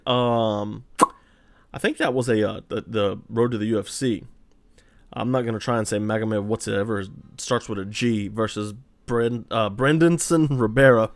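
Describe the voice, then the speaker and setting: A man's voice: mid-range voice, normal speed, no echo. A Cajun man from Louisiana recapping fights casually as host, rambling with frequent restarts and fillers. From Louisiana, USA. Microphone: desk camera mic.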